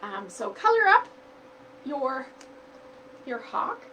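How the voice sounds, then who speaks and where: A woman's voice: sits high, very animated, slow pace, sharp tone, recorded from a distance, a little hiss or hum, low-quality recording. A woman hosting a library storytime, reading a picture book aloud and explaining a craft in an upbeat, teacher-like way.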